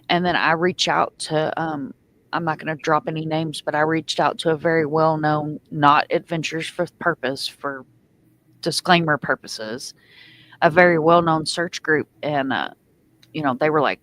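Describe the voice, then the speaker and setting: A woman's voice: deep voice, steady tone, normal speed, a bit bright. A woman hosting a casual group chat, ranting angrily with lots of swearing. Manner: angry, profane ranting. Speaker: host.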